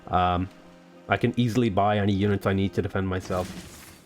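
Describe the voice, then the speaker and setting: A man's voice: sits low, fairly even intonation, fairly quick. A man hosting a casual let's play, rambling and joking with lots of fillers, with faint game music behind. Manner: playful, jokey, rambling with many fillers. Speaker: gaming video host.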